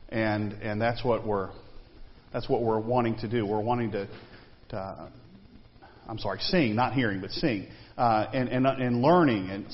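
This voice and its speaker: A man's voice: mid-range voice, slight background noise. A man teaching a Bible study class in a conversational way, quizzing his listeners with questions. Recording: long reverb, dull lo-fi sound.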